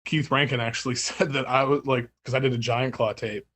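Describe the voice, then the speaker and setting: A man's voice: medium pitch, steady tone, a little fast, fairly bright tone. Rambling man talking about his record label. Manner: rambling, many fillers and restarts, laughs often. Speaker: label owner and music writer. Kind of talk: casual interview chat.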